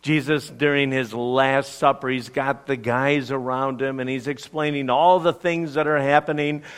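A man preaching a sermon, telling the story and acting out the quotes with lively energy. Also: medium pitch, moderate pace, smooth. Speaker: pastor.

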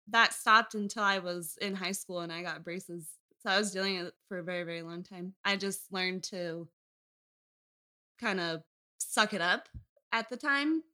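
A young woman talks candidly as a podcast guest, wandering from thought to thought and breaking into laughter. Her voice is very bright and forward, pitched in an ordinary middle range. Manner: rambling, candid, laughs often. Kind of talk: casual podcast interview.

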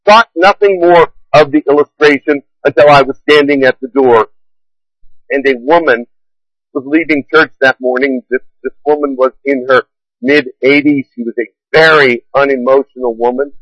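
A middle-aged man preaching a sermon as pastor, earnest and measured, leaning on slow emphatic words. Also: medium pitch, fairly even intonation, a bit bright, no echo, highs cut off.

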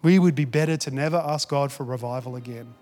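A man preaching a sermon, swinging from loud urging to hushed storytelling. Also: mid-range voice, fast, big-room sound. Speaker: pastor.

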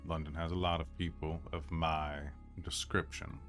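A man's voice: rumbling low, level tone, moderate pace, a bit bright, soft background music. A man speaking as a player in a tabletop role-playing game, mixing easygoing chat with lines spoken in character.

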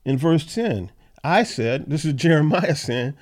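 Reading scripture aloud and then unpacking it in plain, conversational terms, this Bible study podcast host has a slightly high, darkish voice with lively intonation, and he talks a little slowly.

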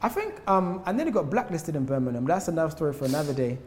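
A young man with a London accent, a performing artist, chatting as a guest and telling stories in a lively way, acting out the dialogue. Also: on the high side, fast, slight background noise. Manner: animated, laughing, acts out dialogue. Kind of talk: casual storytelling chat. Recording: roomy hall reverb.

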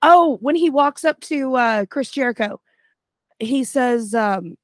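A woman's voice: high-pitched, expressive, slow, no room sound. A woman co-hosting a podcast who giggles and blurts out movie quotes and crude jokes in casual chat. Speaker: podcast co-host.

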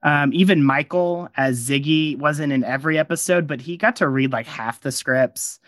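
Male podcast host, bright forceful tone, casual rambling interviewer. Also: a little high, moderate pace, dry recording, clean studio sound. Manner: rambling, friendly tangents with many fillers. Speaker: podcast host and audio drama creator. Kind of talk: casual behind-the-scenes interview.

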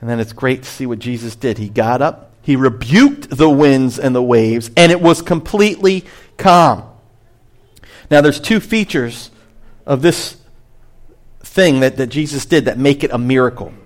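A man preaching a sermon as pastor, animated, rising high to stress a point and dropping low on asides.

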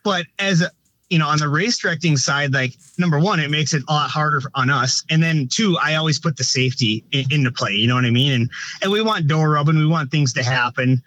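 A man's voice: fairly high pitch, a little fast, fairly bright tone, no echo. A man who directs races, talking casually on a podcast, rambling with frequent restarts and filler phrases. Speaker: race director.

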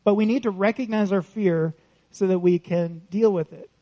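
A man preaches in a church, his voice pitched high for a man. He talks conversationally, often asking the congregation questions and laughing lightly between points. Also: normal speed, highs cut off. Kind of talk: sermon.

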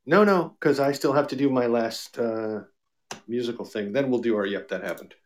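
A man's voice: mid-range voice, normal speed. A man co-hosting a casual podcast, joking and rambling with his co-host. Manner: joking, rambling, mock radio-DJ bits. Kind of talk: casual chat.

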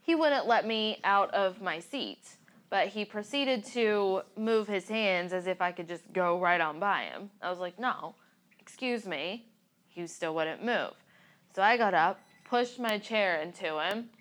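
A woman co-hosting a casual podcast, telling her own story in a blunt, matter-of-fact way. She laughs easily as she talks, and her voice sits at a middle pitch. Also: measured pace, a bit bright. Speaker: podcast co-host. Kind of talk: casual chat.

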